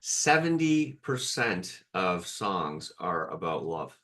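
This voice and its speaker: A man's voice: low voice, big pitch swings, slow pace, fairly bright tone. A man co-hosting a podcast, chatting casually and affirming his partner often. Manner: supportive listener, frequent short affirmations. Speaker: podcast co-host. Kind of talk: casual chat.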